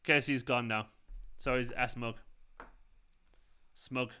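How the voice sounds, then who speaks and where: Man, Mancunian accent, bright smooth voice, rambling casual chat, reads chat aloud. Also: medium pitch, steady tone, takes it slowly. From England. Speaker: fan channel host. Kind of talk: casual live watchalong chat. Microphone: earphones with mic.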